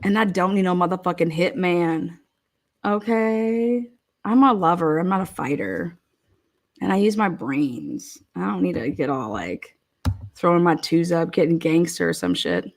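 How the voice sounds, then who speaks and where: A woman's voice: fairly low pitch, expressive, unhurried. A woman telling stories in casual chat, swearing freely, laughing often and filling her talk with "like". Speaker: online commentator. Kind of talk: casual profane storytelling.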